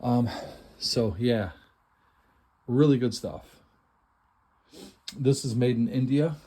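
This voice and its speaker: Walking through the rooms of a house before an estate sale, a middle-aged man hosts a casual, enthusiastic tour. His mid-range voice is mellow and slow, and he's chatty and self-deprecating.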